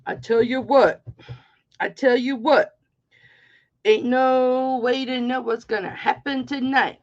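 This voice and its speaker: A woman's voice: high-pitched, fairly even intonation, takes it slowly, long pauses, dull audio. A middle-aged woman hosting a live-stream jewelry auction, chatting casually and rambling playfully through stories.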